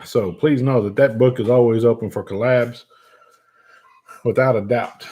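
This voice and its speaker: Middle-aged man chatting on a casual livestream, cussing freely and laughing at his own jokes. His voice sits at an ordinary pitch for a man, and he moves easily between loose banter and earnest talk with viewers. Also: steady tone, normal speed, warm tone, husky. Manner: profane, joking, laughs often. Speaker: vape channel host. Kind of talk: casual livestream chat reading viewer comments.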